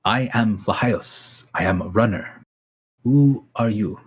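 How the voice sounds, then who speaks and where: A man voicing a formal, courteous male runner soldier with hooves, speaking slowly and stiffly. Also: on the low side, breathy edge. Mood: earnest. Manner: slow, stiff, courteous speech.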